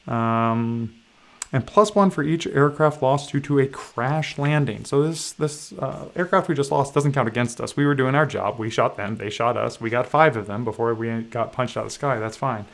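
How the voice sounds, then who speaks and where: Gravelly man explaining game rules. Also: mid-range voice. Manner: halting, many fillers, self-deprecating asides. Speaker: board game streamer. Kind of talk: casual rules walkthrough.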